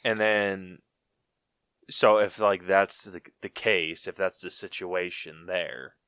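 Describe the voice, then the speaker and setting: A man's voice: low voice, fairly even intonation, slow, fairly bright tone, clear, resonant tone, no echo, clean studio sound. A man co-hosting a podcast in casual chat, rambling and laid-back, with lots of "like" as he thinks aloud. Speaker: podcast co-host. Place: podcast studio.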